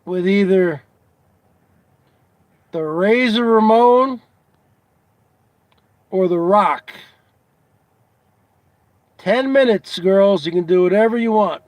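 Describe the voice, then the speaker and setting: A man hosts a casual comedy show, repeatedly asking his audience teasing questions in a drawn-out way. His voice is high-pitched and a little mellow, with no room sound.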